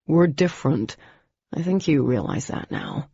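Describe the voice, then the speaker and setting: A woman's voice: sits low, very animated, measured pace, creaky, mellow, breathy edge, dry recording, lo-fi sound, exaggerated voice. A woman doing Demon, an intense weary young man.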